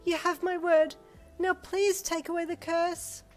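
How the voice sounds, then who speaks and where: A woman voicing a shy young fairy princess who speaks in an urgent, pleading, high voice in a storybook tale. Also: flat delivery, unhurried, faint music behind.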